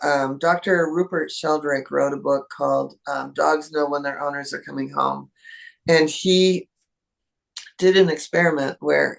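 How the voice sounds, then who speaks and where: A woman guest in an interview, an animal communicator talking in a lively way and acting out what animals think. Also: deep voice, creaky. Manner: animated, acts out animal thoughts in voices. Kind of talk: conversational interview.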